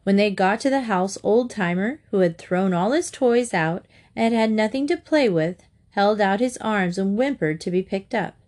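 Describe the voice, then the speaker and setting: Female storybook narrator, clear and steady, mid-pitched. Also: moderate pace, hardly any pauses. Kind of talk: reading a children's storybook aloud.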